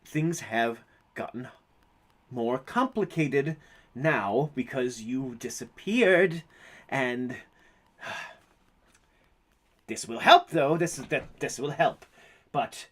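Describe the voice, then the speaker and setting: A stern, weary woman who keeps her crew in line, as a man voices her in a tabletop game. She speaks low and deliberately, and her pitch swings widely. She sounds tired but commanding. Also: fairly bright tone, heavily acted.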